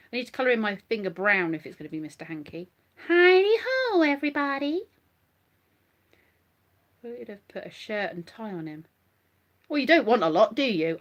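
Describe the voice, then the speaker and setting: A woman's voice: on the low side, muffled recording. A woman vlogging casually from bed at home, giggly and rambling as she chats to her viewers. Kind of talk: casual live chat to viewers.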